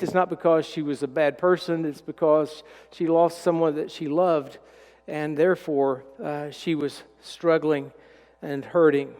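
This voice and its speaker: A middle-aged man preaching a sermon, telling a personal story in a folksy way and dropping to a hushed voice when he is moved. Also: a little high. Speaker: pastor. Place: church sanctuary. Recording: reverberant church sanctuary.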